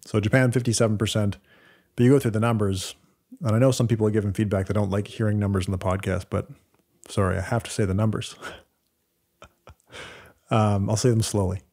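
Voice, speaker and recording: A man's voice: on the low side, fairly even intonation, fast talker, vocal fry, a little mellow. A man with a Canadian accent co-hosting a podcast, explaining data step by step in casual chat with frequent fillers and restarts. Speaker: podcast co-host.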